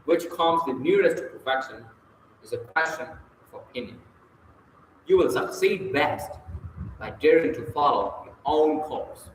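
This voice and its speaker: A man slowly reading a book on public speaking aloud, pausing often and sometimes slipping over words. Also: a little high, expressive, reverberant, long reverb tail, slight background noise, rough recording. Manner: slow, deliberate reading with long pauses, occasional slips.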